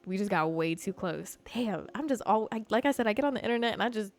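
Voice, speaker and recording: A woman's voice: medium pitch, fast talker, hardly any pauses, soft background music. A young adult woman hosting a podcast, casually telling personal stories to her stream audience in a chatty, profane way, full of "like". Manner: chatty and profane, heavy use of "like". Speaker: podcast host.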